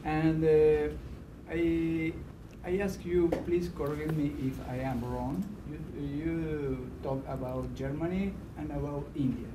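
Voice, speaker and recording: A man's voice: on the high side, steady tone, slow. A man in the audience asking a question, hesitant and with non-native phrasing. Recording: distant, roomy, noisy hall sound.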